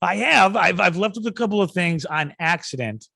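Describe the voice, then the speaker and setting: A man's voice: high voice, expressive, normal speed, vocal fry, dry recording. A man hosting a podcast, rambling through a comic rant. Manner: ranting, rambling, acts out yelling. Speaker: podcast host. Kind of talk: comedic rant.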